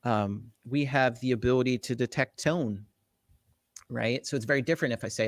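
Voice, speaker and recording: An eager middle-aged man from the Jersey Shore in the US, appearing as a tech evangelist guest, explains something in a casual interview. His voice is medium-pitched at a moderate pace with no echo, and he rambles enthusiastically with many fillers and restarts.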